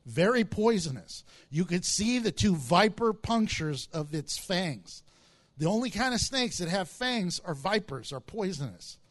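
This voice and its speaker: A male pastor delivers a sermon in a strikingly high voice. He keeps it lively and jokey, telling stories and acting out other people's lines. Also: measured pace. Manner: animated storytelling with jokes and acted-out quotes.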